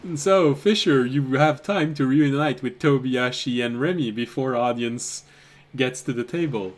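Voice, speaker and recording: A man's voice: medium pitch, unhurried. A man narrating as game master of a tabletop game, chuckling often between lines.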